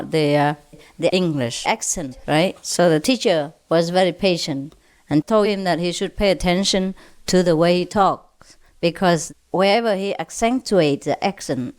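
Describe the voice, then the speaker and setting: A woman spiritual teacher telling funny stories to a gathering, laughing often and pausing with "uh". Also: on the low side, a little mellow. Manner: laughs often, with frequent "uh" pauses.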